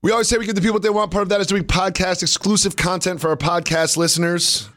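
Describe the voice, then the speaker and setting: A man co-hosting a podcast, joking in casual, animated banter and laughing often. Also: high-pitched, fast, faint music behind. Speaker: podcast co-host.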